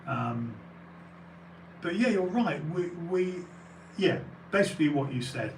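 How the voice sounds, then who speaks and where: A man's voice: on the high side, animated, a little slow, echoey room, recorded from a distance, slight background noise, poor audio. A British man who runs an auction house, chatting casually in a rambling way with many fillers and restarts. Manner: rambling, full of fillers and restarts, bursts of emphasis. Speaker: auction house owner and live streamer. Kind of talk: casual podcast conversation.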